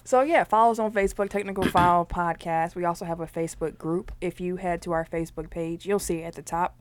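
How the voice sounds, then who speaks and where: Give me a woman co-hosting a podcast, casual and lively, acting out the quotes in her stories. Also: on the low side, quick pace. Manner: animated storyteller who acts out quotes. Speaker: podcast co-host. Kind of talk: casual chat.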